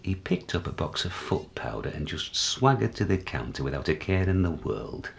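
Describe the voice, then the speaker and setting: A deluded, paranoid older man, played by an actor, speaking low and gravelly. His delivery leaps around in pitch, confiding one moment and shouting the next in this stage monologue. Faint noise sits behind him. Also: very animated, moderate pace, full character voice. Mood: conspiratorial. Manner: confiding, jumpy, swings from hushed to shouting.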